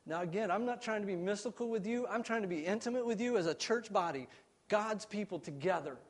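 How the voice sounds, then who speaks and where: A man preaching a sermon as a pastor, telling a story earnestly and swinging between raised and hushed passages. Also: high-pitched, brisk.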